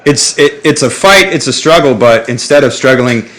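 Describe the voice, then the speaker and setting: Reflective man thinking out loud. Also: medium pitch, animated. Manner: reflective, halting with restarts. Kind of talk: casual discussion.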